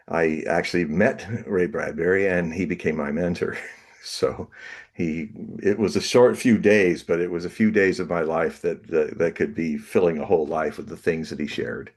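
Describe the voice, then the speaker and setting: A man, a guest on an interview show, telling a personal story with laughs, restarts and lively acted bits. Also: deep voice.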